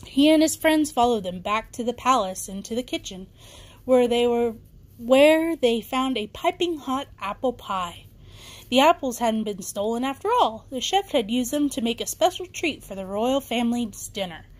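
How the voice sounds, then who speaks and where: A woman's voice: a little high, lively intonation, moderate pace. A woman reading a children's bedtime story aloud, with occasional small slips and restarts.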